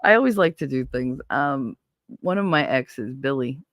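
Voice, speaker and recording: A man's voice: mid-range voice, normal speed, no room sound, clean studio sound. A man hosting a casual live stream, talking bluntly and animatedly with plenty of swearing. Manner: blunt, profane, animated storyteller. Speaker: livestream host. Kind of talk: casual chat to a live audience.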